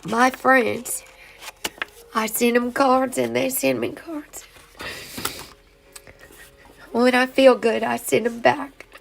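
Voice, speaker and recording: A woman speaking at home in an earnest, heartfelt spiritual monologue, now and then drifting into soft singing. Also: high voice, vocal fry, slight background noise. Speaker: vlogger sharing grief healing. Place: home, in her child's room.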